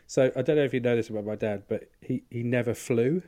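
A man's voice: medium pitch, fast talker, dark tone. A man co-hosting a podcast, telling rambling, sweary anecdotes in casual chat. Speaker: podcast co-host.

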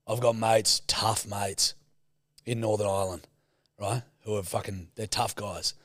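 A man's voice: fairly low pitch, fairly even intonation, unhurried, fairly bright tone, dry recording, clean studio sound. Sweary, teasing male podcast host. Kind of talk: casual chat.

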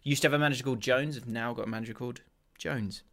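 A man's voice: medium pitch, fairly even intonation, rapid-fire. A man co-hosting a casual football podcast, chatty, laughing often and restarting his sentences. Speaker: podcast co-host.

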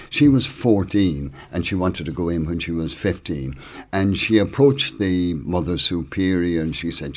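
Very deep male voice, lively anecdote teller, acts out quotes. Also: a little slow. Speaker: guest. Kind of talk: conversational interview.

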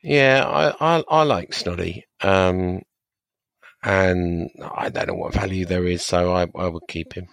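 A man's voice: deep voice, a little slow, vocal fry, a bit bright, smooth, no room sound. A man with an Estuary English accent, a podcast co-host and football reporter, talking in a laid-back, agreeable way and explaining at length. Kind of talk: casual chat.

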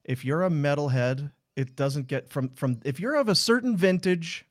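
Male sports podcast host, casual and profane, somewhat high voice. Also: moderate pace. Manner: loose, profane, reads live ad spots. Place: podcast studio.

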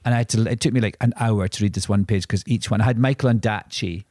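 A man's voice: lowish voice, fast talker, warm tone, dry recording, studio quality. A man co-hosting a podcast, telling rambling anecdotes in casual chat with many restarts and asides. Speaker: podcast co-host.

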